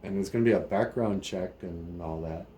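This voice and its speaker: A man's voice: deep voice, normal speed, dark tone, close to an everyday voice. A man doing a fussy police commissioner. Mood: bureaucratic. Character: middle-aged police commissioner, bureaucratic. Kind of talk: comic storytelling.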